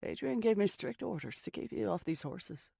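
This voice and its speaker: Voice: medium pitch, lively intonation, moderate pace, gravelly, warm tone, no room sound, studio quality, pitched above the performer's own voice. An audiobook reader voicing a frustrated young man with a Scottish accent, a vet and stable hand who scolds and worries. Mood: exasperated. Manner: exasperated, scolding.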